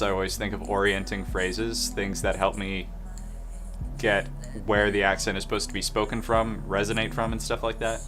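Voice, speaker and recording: A man's voice: fairly low pitch, bright, forceful tone. A man in his twenties with a Southern American accent, chatting casually and joking to himself while mixing drinks. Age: 20s. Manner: rambling, self-deprecating, jokey asides. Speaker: bartender streamer.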